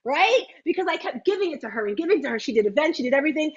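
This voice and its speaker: A woman hosting a motivational livestream, talking in a chatty, animated way with teasing asides. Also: sits high, racing, muffled recording. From United States. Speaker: host. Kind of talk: lively motivational livestream talk.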